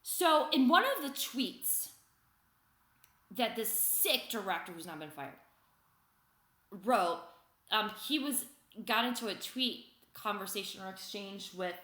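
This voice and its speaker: A woman talking straight to her viewers in an upset, heated rant, swinging between loud outbursts and quiet muttering. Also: medium pitch, sing-song, a little slow, pauses often, reverberant. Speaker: vlogger. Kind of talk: agitated opinion rant to viewers.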